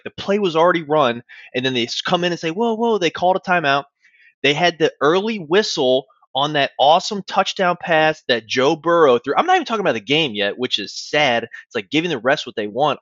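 Male sports podcast co-host, excitable rambler, dull dry mic. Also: on the high side, dry recording. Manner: rapid, animated rambling with restarts. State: out of breath. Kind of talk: casual sports chat.

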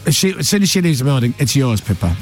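Lively chatty radio host man. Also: medium pitch, fast talker, loud music behind the voice. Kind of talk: casual radio chat.

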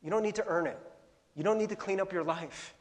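A middle-aged male pastor preaching a casual, storytelling sermon, chatty and laughing, breaking into bursts of yelling as he retells his own anecdotes. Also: sits high, a little fast. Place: church sanctuary. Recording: long hall reverb.

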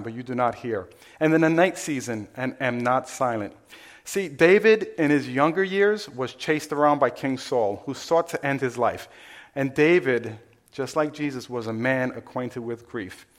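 A man's voice: medium pitch, moderate pace. A man, a pastor, preaching a sermon in church and talking with the congregation in a conversational way, asking them questions as he goes.

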